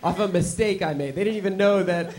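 High-voiced man doing rambling stand-up. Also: brisk. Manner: rambling storytelling, bursts into shouted mock slogans. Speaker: stand-up comedian. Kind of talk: stand-up set.

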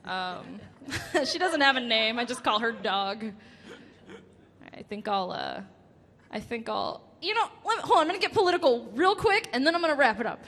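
High, bright woman doing slow stand-up. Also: expressive. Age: late 20s. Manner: halting delivery, laughing at her own jokes. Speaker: stand-up comedian. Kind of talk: stand-up set. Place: comedy club stage. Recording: reverberant club room with faint music.

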